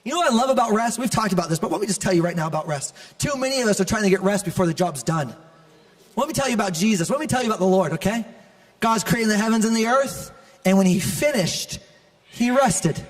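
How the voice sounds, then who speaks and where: Animated high-voiced male pastor preaching. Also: quick pace, in a large hall. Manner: animated, conversational preaching with humor. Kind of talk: sermon. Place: large church auditorium.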